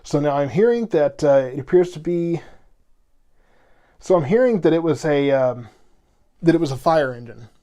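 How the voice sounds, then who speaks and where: A man's voice: fairly high pitch, animated, normal speed, pauses often, dark tone. Patient rambling male weather host. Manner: rambling, repeats himself, explains patiently to chat. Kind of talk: live severe weather coverage.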